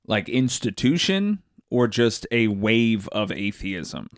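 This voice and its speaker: A man's voice: fairly low pitch, big pitch swings, slow, dry recording. A man co-hosting a casual podcast, laid-back with dry humor, telling stories from his upbringing. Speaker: podcast co-host.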